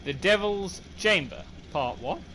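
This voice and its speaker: A man's voice: high voice, expressive, unhurried, sharp tone, a little hiss or hum. A man hosting a let's play, reading in-game notes aloud and cracking sarcastic jokes as he goes. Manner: joking, sarcastic asides. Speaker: gaming channel host.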